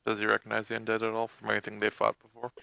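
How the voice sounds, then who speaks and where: Gravelly, flat-voiced male player. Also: lowish voice, racing, no echo, low-quality recording. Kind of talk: tabletop game play.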